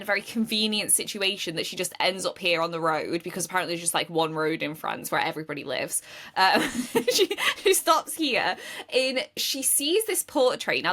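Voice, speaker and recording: A woman with a bright, clear voice co-hosts a podcast about books. She recounts the plot casually, with plenty of "like" and "um", and slips into the characters' voices as she goes. Her pitch sits at an ordinary middle level. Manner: chatty retelling, many fillers, acts out characters' lines. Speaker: podcast co-host. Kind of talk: casual book chat.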